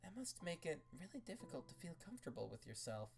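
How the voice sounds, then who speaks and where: A woman voicing a soft-spoken, caring teenage girl who gently draws out her friend in a read-aloud fan story. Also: on the low side, very animated, fast talker, gravelly, soft background music. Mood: gentle.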